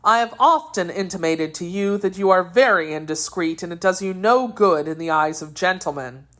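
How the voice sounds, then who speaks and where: A woman's voice: on the low side, moderate pace, fairly bright tone, natural voice. A woman doing a sly young musketeer. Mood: guarded. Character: sly young male musketeer telling a tale.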